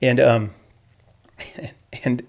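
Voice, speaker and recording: A man's voice: medium pitch, fairly even intonation, drawn-out words, gravelly, darkish tone. A middle-aged man, a teacher and coach, telling stories in an interview in an earnest, modest way with many restarts. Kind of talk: conversational interview storytelling.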